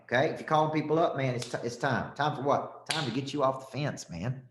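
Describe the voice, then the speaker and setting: A man's voice: mid-range voice, a little fast, roomy sound, noisy background. A man with a Southern accent, a sales coach giving a punchy, repetitive motivational talk and calling out listeners by name.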